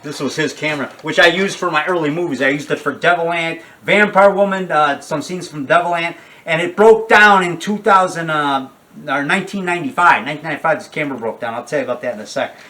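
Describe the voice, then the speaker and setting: A man's voice: on the high side, quick pace, bright, forceful tone, distant mic. An older man, a horror filmmaker, talking casually in a rambling, digressive way with many restarts and asides.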